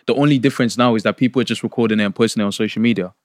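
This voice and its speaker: A man's voice: mid-range voice, very fast, no echo, studio quality. A young man co-hosting a podcast, arguing his point in slangy casual chat and talking over the others. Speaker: podcast co-host.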